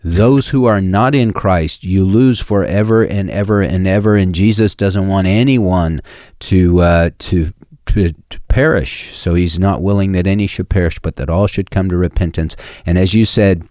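A man hosting a Christian radio show, speaking in an earnest, preachy way with halting restarts. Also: low voice, darkish tone, dry recording, studio quality. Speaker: radio host. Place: radio studio. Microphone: studio microphone.

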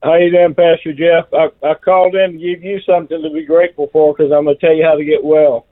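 A man's voice: a little high, little pitch movement, fast, dry recording. A man from Texas calling in to a radio show, eager and repeating himself as he starts sentences. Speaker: caller. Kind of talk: call-in radio conversation. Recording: tinny phone line.

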